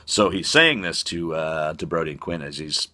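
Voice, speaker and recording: A man's voice: extremely low pitch, animated, moderate pace, bright, forceful tone. A man telling a comic, profane, rambling story full of fillers. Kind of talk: comic monologue.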